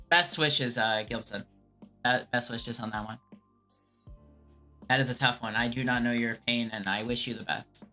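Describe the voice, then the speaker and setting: Her voice rumbles low and comes out pushed and bright as this woman streamer lazily rambles through questions from chat. She describes her own voice as whiny.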